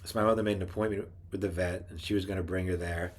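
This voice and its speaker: A man's voice: low voice, steady tone, fast talker, a little hiss or hum. A middle-aged man telling rambling personal stories in a casual monologue, with frequent restarts. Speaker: podcast host.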